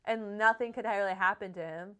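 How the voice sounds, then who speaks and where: A woman's voice: medium pitch, brisk. A woman in her thirties co-hosting a book podcast, chatting casually, swearing freely and acting out the voices in the stories she retells. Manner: animated storytelling, swears freely, acts out quoted voices. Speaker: podcast co-host.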